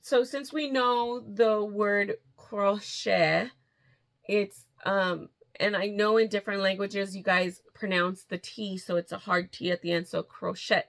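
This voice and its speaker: Middle-aged woman vlogging, chatty and excitable, laughs a lot, trails off and restarts. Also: mid-range voice, a little slow, vocal fry. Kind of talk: casual chat. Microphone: camera in front, steps back and forth.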